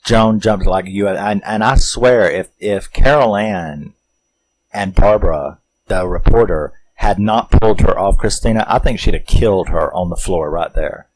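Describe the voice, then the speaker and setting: A man with a low, deep voice and a drawl talks through a movie he loves. He rambles, retells its scenes with plenty of fillers, and acts out the characters' lines. The tone is a loose, casual film recap. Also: a little slow, rough recording. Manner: rambling, animated retelling with acted-out quotes and chuckles. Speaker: movie review host.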